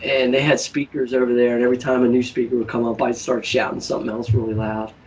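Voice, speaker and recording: A man hosting a casual political chat, telling stories in a lively way and acting out the people he quotes. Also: medium pitch, fast, distant mic, low-quality recording. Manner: animated storytelling, acts out quoted people. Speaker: show host.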